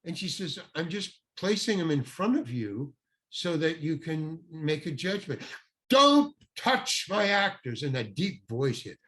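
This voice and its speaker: An older man, a guest actor, telling an anecdote in an animated way and acting out the people he quotes. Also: a little high, measured pace, breathy edge. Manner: animated, acts out quoted voices. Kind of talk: anecdotal storytelling.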